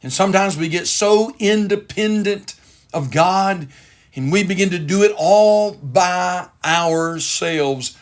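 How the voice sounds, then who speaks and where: A man's voice: high-pitched, slow pace. A man, a pastor hosting a broadcast, preaching in an earnest, repetitive way. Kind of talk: devotional broadcast sermon.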